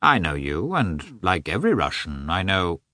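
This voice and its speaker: A man voicing a sly, smug lawyer who speaks smoothly and courteously. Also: low-pitched, sing-song, normal speed, pushed and bright, no echo, studio quality, heavily acted.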